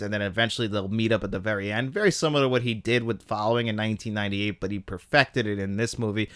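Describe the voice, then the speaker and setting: A man's voice: lowish voice, a bit bright, smooth, no room sound, studio quality. A man hosting a film podcast, giving casual, opinionated commentary in an enthusiastic, chatty way. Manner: enthusiastic, chatty, laughs at his own jabs. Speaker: podcast host ranking films.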